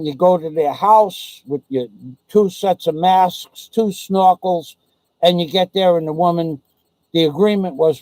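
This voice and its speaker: A man's voice: high voice, unhurried, darkish tone, no echo, rough recording. A man vlogging in an indignant, profane storytelling rant. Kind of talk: ranting monologue.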